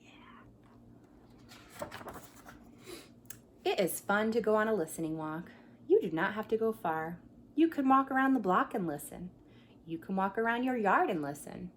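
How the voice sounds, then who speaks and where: With a mid-range voice and lively intonation, a pre-K teacher reads aloud at a measured pace, leaving long pauses. She's at home next to a coffee table, sharing a picture book with young children, acting out animal sounds, asking them to join in, and whispering at the quiet moments. A little hiss or hum runs under the audio.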